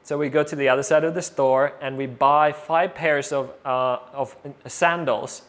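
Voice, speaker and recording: A man as an interview guest, telling a story casually, animated and full of fillers, acting out what others said. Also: medium pitch, normal speed. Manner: animated, acts out quoted voices, many fillers.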